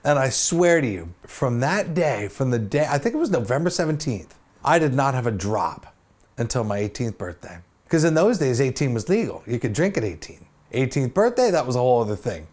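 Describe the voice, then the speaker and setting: A middle-aged man telling a personal story in a casual, lively way, laughing often and acting out what people said. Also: mid-range voice. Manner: animated, laughs often, acts out quotes. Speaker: host.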